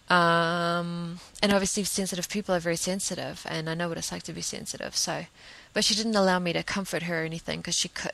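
Nz woman rambling on her podcast, kinda low voice, earnest and emphatic. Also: gravelly, fairly bright tone, rough recording. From New Zealand. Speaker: podcast host. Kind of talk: solo podcast monologue.

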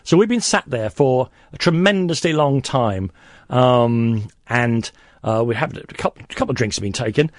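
A man's voice: mid-range voice, animated, moderate pace, no room sound. A man on a late-night radio show in the studio as a guest, telling rambling anecdotes with many restarts.

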